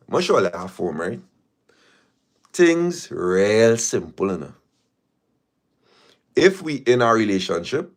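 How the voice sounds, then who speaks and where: A man hosting a casual live stream, talking emphatically, repeating phrases and firing rhetorical questions. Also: fairly low pitch.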